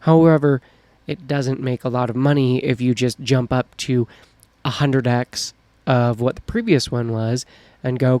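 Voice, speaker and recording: Man, co-host, casual chat, relaxed, dry close sound, mid pitch. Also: unhurried, dry recording. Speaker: podcast co-host.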